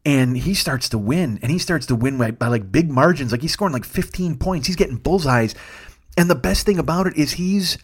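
Animated, profane middle-aged male storyteller. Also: a little high, brisk, slightly rough. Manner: animated, profane, laughing, acts out quoted voices loudly. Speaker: podcast host. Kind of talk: comic storytelling monologue. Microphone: studio microphone.

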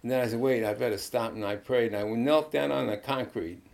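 Gravelly older man telling his testimony. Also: medium pitch, a little mellow. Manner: folksy, halting storytelling with restarts. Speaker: pastor. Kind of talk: casual testimony on a Christian talk show.

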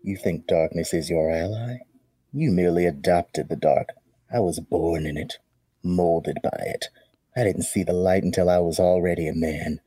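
A man putting on a slow, grave voice for a menacing masked villain. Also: low-pitched, warm tone, husky, no echo.

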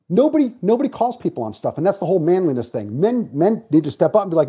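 A man's voice: sits high, quick pace, few pauses, husky. A middle-aged man telling stories in casual talk, blunt and profane. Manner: blunt, profane, animated storyteller. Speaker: podcast guest. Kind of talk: casual storytelling chat.

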